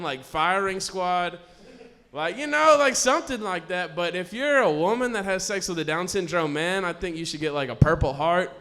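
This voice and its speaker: A man's voice: high voice, fairly bright tone. A man doing a crude, rambling live stand-up set on a comedy stage, laughing at his own jokes.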